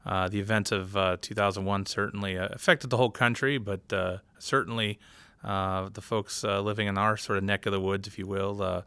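A man from the US East Coast hosts an interview in an earnest, halting way, with many ums. His voice is bright and smooth, though lowish in pitch. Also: little pitch movement, no room sound. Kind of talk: hosting an interview.

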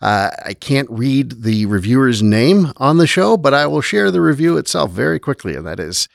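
A man hosting a podcast, thanking guests and signing off in a friendly, relaxed way. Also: medium pitch, moderate pace, gravelly, few pauses, no echo, clean studio sound. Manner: friendly, relaxed host with frequent "uh" fillers. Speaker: podcast host. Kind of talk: podcast wrap-up and sign-off.

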